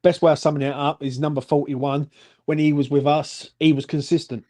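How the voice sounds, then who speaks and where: Blunt football fan, mellow voice. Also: male voice, fairly high pitch, flat delivery, a little fast. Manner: blunt, swears, asks "yeah?". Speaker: co-host rating players. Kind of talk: casual football fan chat.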